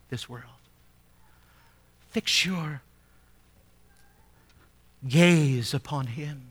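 A man's voice: mid-range voice, slow pace, long pauses, a bit bright, breathy edge. A male pastor preaching a sermon, reading scripture aloud and asking the congregation rhetorical questions, rising to emphatic peaks.

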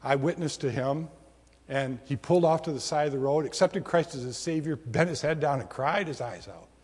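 A man voicing a polite, earnest young ex-serviceman within a sermon story, husky and echoing in a hall. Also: fairly high pitch, normal speed, darkish tone.

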